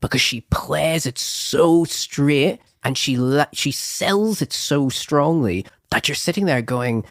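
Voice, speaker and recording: A man co-hosting a film review show, chatting casually in a rambling, animated way that acts out quotes. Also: a little high, takes it slowly, few pauses, no echo, studio quality. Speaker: film review podcast co-host. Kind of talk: casual chat.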